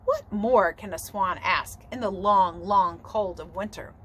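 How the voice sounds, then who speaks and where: A woman voicing a grown male father swan who lectures his children in a solemn, measured way, reading from a storybook. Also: medium pitch, fairly bright tone, a little hiss or hum, pitched below the performer's own voice, close to an everyday voice, rough recording.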